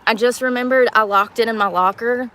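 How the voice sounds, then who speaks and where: A woman's voice: fairly high pitch, steady tone, a little fast, a bit bright. A young woman ranting in a casual livestream, frustrated and swearing as she rambles.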